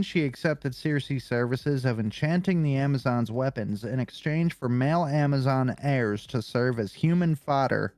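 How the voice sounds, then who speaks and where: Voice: medium pitch, darkish tone, no echo. A podcast co-host reading a comic-book character profile aloud, casual and swearing, stumbling over hard names.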